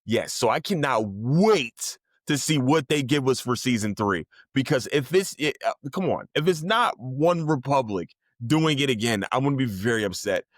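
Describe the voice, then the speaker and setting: A man's voice: medium pitch, animated, moderate pace, hardly any pauses, no echo, clean studio sound. A man hosting a casual solo podcast, talking in a rambling, profane and enthusiastic way. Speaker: podcast host.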